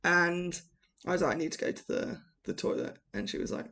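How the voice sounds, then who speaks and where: A young woman from England co-hosting a podcast, telling animated stories and laughing often in casual chat. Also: fairly low pitch, fast talker, creaky. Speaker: podcast co-host.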